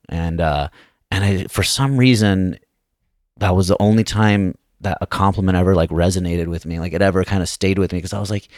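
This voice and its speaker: A man, a guest comedian, telling a long personal story on a podcast in a casual, halting way with many restarts. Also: low-pitched, a little mellow, no echo, studio quality.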